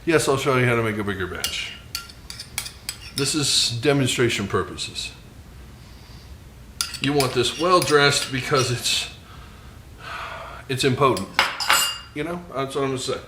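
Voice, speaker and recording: A man's voice: mid-range voice, unhurried, long pauses, reverberant, background noise. A man hosting a casual cooking demonstration, chatty, with self-deprecating asides. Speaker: cooking show host. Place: outdoor grill and home kitchen.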